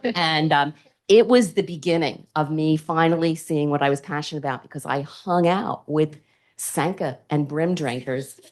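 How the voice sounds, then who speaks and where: A woman, an alumna panelist telling lively stories and acting out the people in them. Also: sits low, normal speed. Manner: animated storyteller acting out quotes. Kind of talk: storytelling on a panel.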